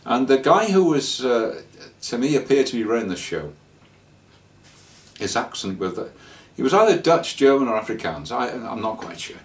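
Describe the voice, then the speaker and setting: A man telling a casual travel anecdote, rambling and halting with fillers and restarts. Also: mid-range voice, big pitch swings, distant mic. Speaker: traveller sharing scam warnings.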